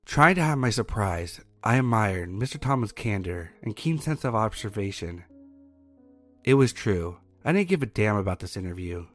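Low-voiced man narrating horror. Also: soft background music. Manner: steady, measured first-person reading.

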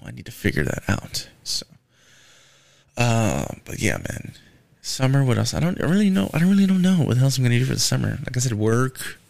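Ranting, profane man with a gravelly voice. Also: fairly low pitch, dry recording. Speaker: podcast host. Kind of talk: casual solo podcast rant. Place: Houston.

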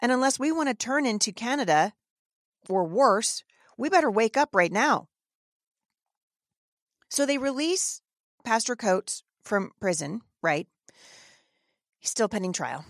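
A woman's voice: a little high, lively intonation, a little slow, pauses often, no room sound, studio quality. A woman hosting a podcast, giving emphatic, indignant opinion commentary and often restarting her sentences. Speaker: podcast host.

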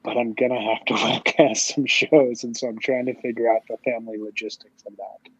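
Husky-voiced man chatting loosely. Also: medium pitch, little pitch movement, fairly quick, no room sound, highs cut off. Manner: rambling, many restarts and "like" fillers. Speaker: podcast host. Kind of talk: casual chat.

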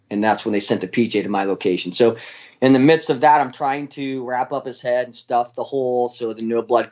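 A man of ordinary pitch recounts his time as a military dog handler in an interview. He talks casually and bluntly, with lots of fillers and a swear here and there. The recording sounds a little dull and muffled. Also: a little mellow. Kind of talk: interview storytelling.

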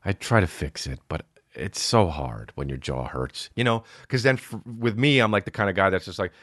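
A man hosting a podcast, rambling in a profane casual monologue and jumping into loud, high-pitched outbursts. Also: animated, normal speed, no room sound, studio quality. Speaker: podcast host.

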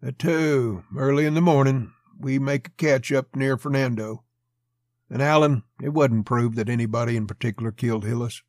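A man voicing an older, graying customs officer who speaks softly and musingly. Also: medium pitch, fairly even intonation, normal speed, dry recording, clean studio sound, lightly acted. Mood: calm. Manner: soft-spoken, musing.

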